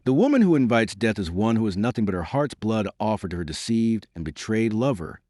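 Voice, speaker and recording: A man's voice: lowish voice, big pitch swings, fairly quick, warm tone, no echo, clean studio sound. A man voicing a heartbroken young nobleman who speaks with grave, earnest dignity in an audiobook.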